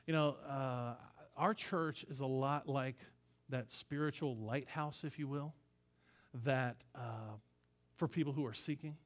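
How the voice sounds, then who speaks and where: A man's voice: mid-range voice, steady tone, unhurried. A man who is a pastor, preaching a conversational sermon in a casual, emphatic way with slangy asides.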